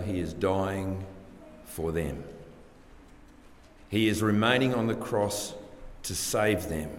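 A man preaching a sermon to a congregation, earnest and full of rhetorical questions, rising and dropping his loudness for emphasis. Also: on the low side. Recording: long hall reverb, faint background ambience.

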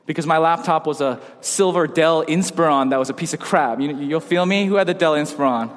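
A young man, casual and joking, telling stories in an animated way. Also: on the high side, fairly quick. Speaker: pastor. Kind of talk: sermon. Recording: long hall reverb.

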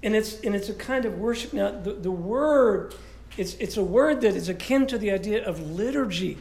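A man preaching a sermon as pastor, stuffy-nosed and congested, in a lively, conversational way with many restarts. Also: sits high, moderate pace, vocal fry, reverberant. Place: church sanctuary.

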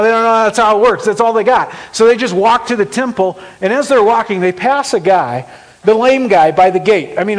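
A man preaching a sermon, retelling a story with lively acted-out voices and dropping to a hushed tone at serious points. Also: high-pitched. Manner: animated, acts out the story in voices, drops to a hushed tone for serious moments. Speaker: pastor.

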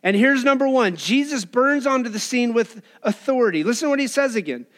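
A man preaching a sermon in a lively, casual way, acting out quoted voices with colloquial asides. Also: extremely high pitch, a little fast. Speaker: pastor.

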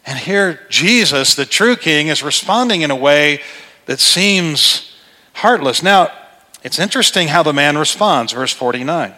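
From the pulpit of a large church, whose long reverb trails every phrase, a middle-aged pastor delivers his sermon a little slowly. His voice is on the high side, bright and forceful with lively intonation, swinging between conversational and emphatic.

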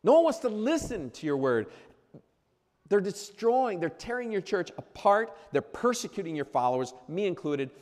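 A man's voice: high voice, sing-song, normal speed, a little mellow, big-room sound, voice pushed up. A man voicing a weary, aggrieved male prophet who pleads and complains to God. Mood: aggrieved pleading.

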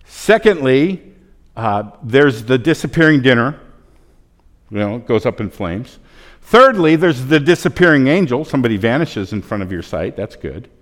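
A man preaching a sermon as a pastor, conversational with joking asides. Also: mid-range voice. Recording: long hall reverb.

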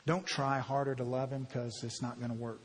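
A man's voice: mid-range voice, little pitch movement, normal speed, slightly rough. A man preaching a conversational sermon as pastor, heartfelt and confessional, rising into emphatic bursts. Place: church sanctuary. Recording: long church reverb.

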